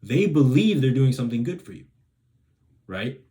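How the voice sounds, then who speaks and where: A man hosting a self-help video sounds very animated and warm, his mid-range voice at a moderate pace. He gives casual, rambling advice, restarting sentences and checking in with "right?".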